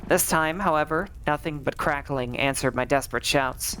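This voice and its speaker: A woman streamer reading a visual novel aloud, acting its lines with shouts and swearing. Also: low voice, moderate pace, hardly any pauses, a little hiss or hum.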